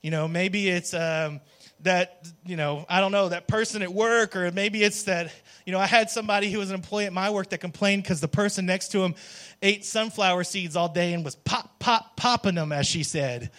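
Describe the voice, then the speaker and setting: High-voiced man preaching a chatty sermon. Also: normal speed, fairly bright tone. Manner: conversational, keeps asking "right?"; jokey, calls on the congregation. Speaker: worship pastor.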